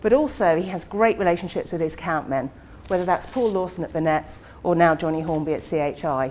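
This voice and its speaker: A woman's voice: on the low side, darkish tone, a little hiss or hum. A woman hosting an event, giving a formal introduction of the guest speaker.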